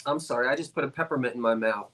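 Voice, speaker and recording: A man's voice: mid-range voice, very fast, fairly bright tone. A man selling items on a live sale stream, with chatty, joking sales patter. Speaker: guest seller on a live sale.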